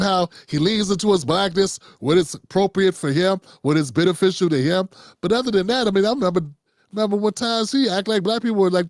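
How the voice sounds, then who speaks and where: Man, high voice, dry recording, casual riffing host, unscripted commentary. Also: no room sound.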